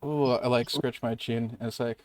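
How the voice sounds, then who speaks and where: A man's voice: mid-range voice, steady tone, moderate pace, no room sound. A man playing a tabletop game, playfully mixing his character's moves with in-character lines. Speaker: player.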